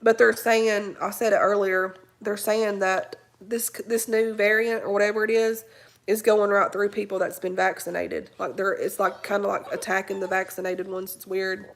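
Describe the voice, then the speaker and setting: A woman's voice: medium pitch, little pitch movement, normal speed, gravelly. Lady home sick w covid, rambly chatty vlog talk, keeps turning to her dog. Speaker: vlogger. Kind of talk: casual morning live chat.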